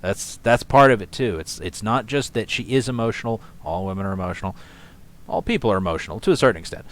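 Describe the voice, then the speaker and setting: A man's voice: on the low side, expressive, quick pace. Scoffing, rambling male commentary host. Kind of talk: casual reaction commentary.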